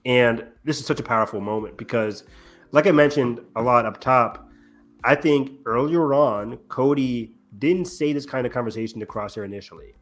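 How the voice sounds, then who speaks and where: A man co-hosting a casual podcast, recapping an episode in quick, excited bursts with lots of ums. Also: mid-range voice. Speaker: podcast co-host. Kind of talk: casual chat.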